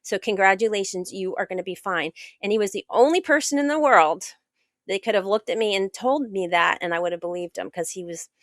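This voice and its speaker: Animated American woman telling her story. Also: mid-range voice, a little fast, dry recording. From United States. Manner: animated, acts out quoted dialogue. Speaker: guest author and world sailor. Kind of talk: casual interview storytelling.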